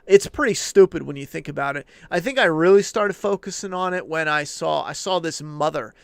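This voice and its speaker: A man's voice: on the high side, fairly quick, creaky, no room sound. A man hosting a livestream, ranting casually and emphatically to his chat with heavy swearing. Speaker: livestream host answering chat. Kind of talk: casual profane rant.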